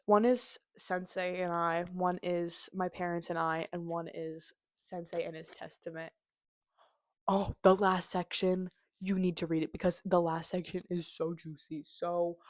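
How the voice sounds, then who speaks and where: A woman hosts a casual book review, talking in a gushing, chatty way full of "like" and "um". Her voice sits on the low side for a woman. The sound is dry and close, with no room around it. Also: no echo. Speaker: book reviewer, channel host.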